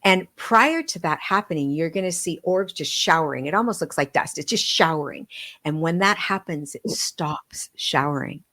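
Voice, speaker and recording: A middle-aged woman, a guest on a podcast, telling personal stories in an earnest, heartfelt way with halting restarts. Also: on the low side, lively intonation, bright, forceful tone. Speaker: podcast guest, medium and author. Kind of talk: emotional personal storytelling.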